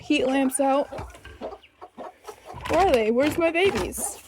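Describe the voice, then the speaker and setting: A woman's voice: sits high, expressive, takes it slowly. A woman narrating her farm chores casually, coaxing and exclaiming at her chickens. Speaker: farm vlogger. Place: outdoor chicken coop. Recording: loud farmyard background noise. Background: clucking hens and chirping chicks.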